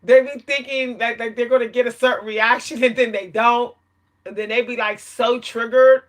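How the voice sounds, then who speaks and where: A woman's voice: fairly high pitch, fairly even intonation, moderate pace. A woman talking to camera in a casual vlog monologue, telling an emphatic story and laughing often between points. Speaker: vlogger.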